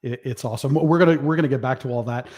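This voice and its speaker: Easygoing man giving friendly shout-outs. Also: medium pitch, very fast. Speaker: livestream host, detailing channel owner. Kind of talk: casual livestream chat.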